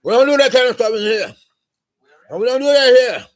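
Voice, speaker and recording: A man voicing a hostile fast-food worker who yells in a high, indignant voice. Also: animated. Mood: angry shouting. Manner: yelling, high-pitched, indignant.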